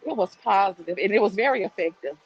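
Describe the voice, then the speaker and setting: A woman's voice: medium pitch, fairly quick, husky, highs cut off. A middle-aged woman chatting casually on a livestream, a bit out of breath as she walks and reads viewer comments. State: out of breath while walking. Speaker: livestream host. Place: walking through a crowded shop.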